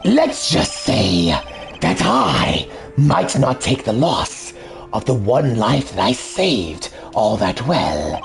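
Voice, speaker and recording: A protective man speaks in a low, gravelly, slow-paced voice with lively rises and falls, politely firm, as a man acts him out. Faint game music runs behind. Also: full character voice.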